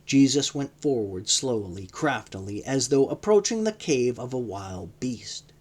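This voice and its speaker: Male audiobook narrator, very slow, mid-pitched, measured dramatic reading. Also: big pitch swings, darkish tone, breathy edge. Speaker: audiobook reader. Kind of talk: scripted narration.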